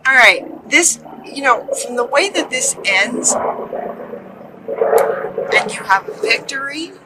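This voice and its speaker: A woman giving a casual tarot reading to her viewers, gentle and encouraging, often repeating her phrases. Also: sits high, lively intonation, slow, heavy background noise. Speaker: tarot reader.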